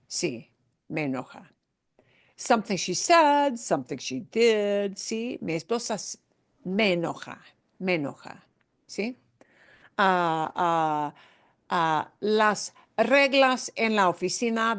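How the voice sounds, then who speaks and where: A woman teaching a language class, explaining patiently with examples and frequent check-ins. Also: mid-range voice. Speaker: Spanish teacher. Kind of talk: class lesson.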